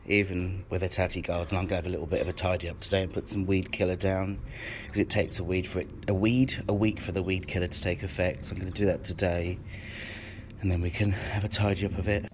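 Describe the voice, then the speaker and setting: Low-voiced guy chatting on his phone vlog, worn out and breathless, bit of hiss behind. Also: fairly even intonation, brisk. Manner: chatty, giggly, self-mocking about being shattered. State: tired and out of breath. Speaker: vlogger. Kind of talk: casual home vlog. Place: house and garden.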